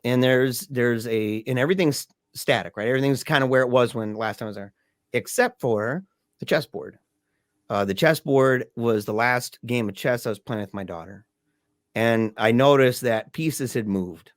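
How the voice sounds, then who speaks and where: A middle-aged man speaks as a podcast guest in casual, halting storytelling, often restarting his sentences and laughing softly. His voice sits at an ordinary pitch. The recording is dry and close. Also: dry recording.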